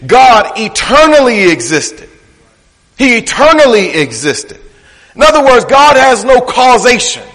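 A man's voice: extremely high pitch, a bit bright. A middle-aged man preaching a sermon emphatically, his delivery rising and falling, with a Black vernacular flavor. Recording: long hall reverb.

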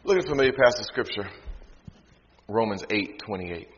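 A man with a Southern accent from North Carolina preaching a sermon, calling out to the congregation and rising to shouts. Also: lowish voice, animated, a little fast, slight background noise. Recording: dull sound in a reverberant hall.

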